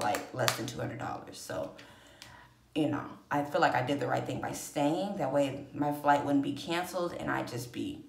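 Woman vlogger, lowish voice, emotional rambling storytime, echoey room. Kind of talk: casual personal storytelling.

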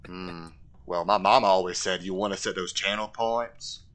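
Guy putting on a folksy drawling southern simpleton voice, bright and lowish. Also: fairly even intonation, moderate pace. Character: slow simple-hearted southern man, film impression.

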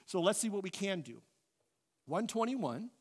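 A middle-aged man, teaching an adult class in a lively, casual way, thinking out loud and asking the group questions. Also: high-pitched, measured pace, slightly rough.

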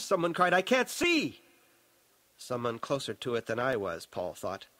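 A man narrating his own novel in a measured, dramatic audiobook reading. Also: medium pitch, no echo, rough recording.

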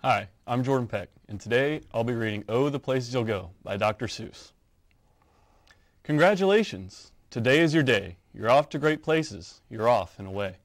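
Brief: young college athlete reading kids' verse, upbeat, mid pitch, dry close sound. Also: male voice, lively intonation, moderate pace, no room sound. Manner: bright upbeat rhyming delivery. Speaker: college baseball player. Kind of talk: children's read-aloud.

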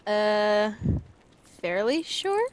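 A woman's voice: medium pitch, sing-song, very slow. A young woman chatting casually while playing a co-op game, confident and playful, guiding her partner and laughing often. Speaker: co-op gameplay partner and guide. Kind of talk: casual gaming chat.

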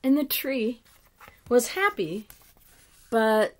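Slow, expressive woman reading a picture book. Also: mid-range voice. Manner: slow, expressive storytelling with drops to a hush. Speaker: children's story reader.

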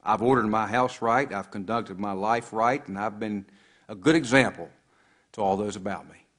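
A man's voice: on the low side, normal speed, fairly bright tone. A man preaching a sermon, quoting scripture with rising and falling emphasis.

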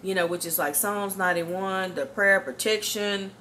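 A woman's voice: mid-range voice, steady tone, moderate pace, sharp tone, a little hiss or hum. A middle-aged woman giving a devotional morning testimony, chatty and exuberant, laughing often and repeating phrases like a preacher. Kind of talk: informal devotional talk.

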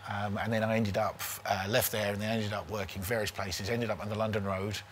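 Animated comedian man in his forties. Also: on the low side, brisk, a little hiss or hum. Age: 40s. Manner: animated, keeps tagging lines with "right?". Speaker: comedian guest. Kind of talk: casual comic storytelling.

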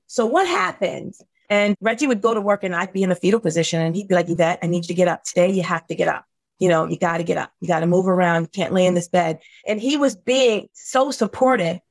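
Woman guest, emotional storyteller, earnest and intense, close dry sound. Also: no room sound. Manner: earnest, intense, voice rising high when upset. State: tearful at times. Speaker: podcast guest.

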